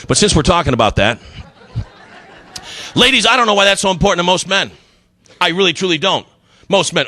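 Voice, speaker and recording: Middle-aged guy doing standup, bright voice, bit high, acts out the quotes, punchy. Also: very animated, fairly quick, long pauses, no echo. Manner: storytelling, punchy delivery with acted-out quotes. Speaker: stand-up comedian. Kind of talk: stand-up comedy routine.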